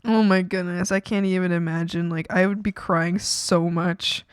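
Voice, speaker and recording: A woman's voice: fairly low pitch, fairly even intonation, normal speed, hardly any pauses, smooth, no echo, clean studio sound. A young adult woman chatting casually on a livestream while she draws. She is giggly and emotional, laughs often, and trails off and restarts her sentences. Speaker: art streamer.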